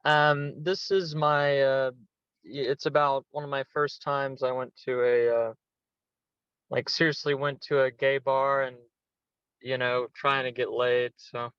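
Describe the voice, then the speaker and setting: A man introducing and reading his poem in a hesitant, halting way. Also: medium pitch, a bit bright, clear, resonant tone, no room sound, dull audio. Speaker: poet.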